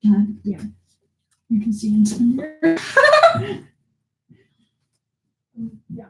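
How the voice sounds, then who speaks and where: High-voiced teasing woman hosting a stream. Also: slow, loud music behind the voice, low-quality recording. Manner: bossy and teasing, laughs often. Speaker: stream host. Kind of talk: casual live stream food challenge.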